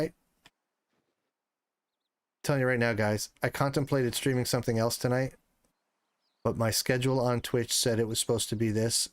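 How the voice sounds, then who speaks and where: A man in his thirties streaming a hunting game, chatting casually with his viewers and swearing when the game frustrates him. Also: medium pitch. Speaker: livestreamer. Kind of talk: casual livestream chat while gaming.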